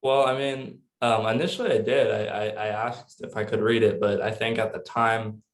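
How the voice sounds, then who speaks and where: A young man answering an interview question haltingly, with many restarts. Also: lowish voice, steady tone, reverberant. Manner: hesitant, halting. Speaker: guest, author's son. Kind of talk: casual interview.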